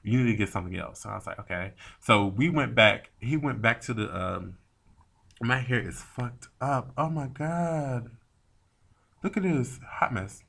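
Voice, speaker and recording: A man telling a rambling story to camera, animated and often swearing, acting out both sides of the talk. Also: medium pitch, unhurried, gravelly. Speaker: vlogger. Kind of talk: casual storytime rant.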